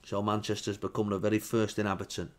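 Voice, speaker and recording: Low-voiced man, dry mock-solemn storytelling. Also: completely flat delivery, fast. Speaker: comedian. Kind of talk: deadpan comic monologue.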